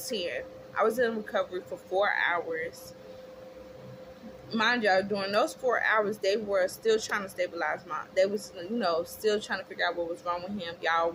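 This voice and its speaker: A young woman telling a chatty, expressive storytime to her viewers, calling them y'all. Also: medium pitch. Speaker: vlogger. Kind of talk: casual storytime. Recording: clear background noise.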